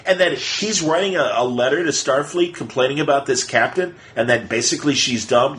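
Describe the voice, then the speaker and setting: A man co-hosting a casual podcast chat, talking quickly and with energy, and slipping into playful voices when he quotes people. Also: medium pitch, low-quality recording. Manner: animated, fast retelling with playful quoted voices. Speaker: podcast co-host.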